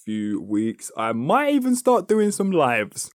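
A man's voice: fairly high pitch, wildly swooping pitch, slow, no echo, clean studio sound. A young man with a London accent, co-hosting a podcast in laid-back, slangy banter. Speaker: podcast co-host. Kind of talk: casual chat. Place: small back room at home.

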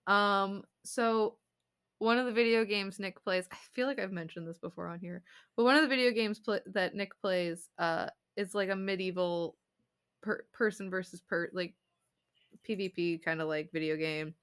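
A woman's voice: mid-range voice, moderate pace, a bit bright, clear, resonant tone. A young woman co-hosting a podcast in casual chat, rambling with lots of fillers and giggles. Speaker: podcast co-host.

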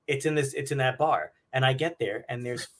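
A man's voice: medium pitch, fairly quick, fairly bright tone. A man hosting a podcast, telling a story in casual chat, swearing and acting out the people in it. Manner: swearing, storytelling, acts out quotes. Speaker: podcast host. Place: home.

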